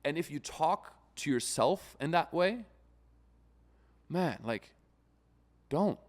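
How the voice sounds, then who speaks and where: Here a man with a fairly high-pitched voice speaks at a slow pace while co-hosting a podcast. He's profane and animated in the casual chat, often mimicking other people's voices.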